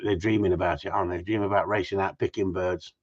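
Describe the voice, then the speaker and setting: In a low, steady voice at a quick pace, a man who trains gundogs talks casually with his viewers out in the cold. He reads their comments and jokes while rambling, and the recording is muffled and lo-fi.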